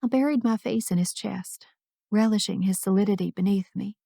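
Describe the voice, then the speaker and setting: Gravelly-voiced woman narrating a romance. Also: mid-range voice, moderate pace, mellow, no room sound, clean studio sound. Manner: intimate, emotional reading. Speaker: audiobook narrator. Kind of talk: scripted first-person romance narration.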